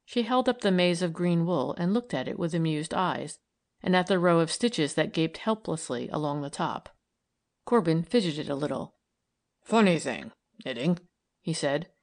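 This is scripted audiobook narration of a novel by a woman with a lowish voice. She tells the story at a steady, measured pace.

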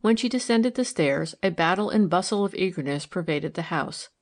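A woman narrating a novel in an even, measured reading style. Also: on the low side. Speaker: audiobook narrator. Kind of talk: scripted narration.

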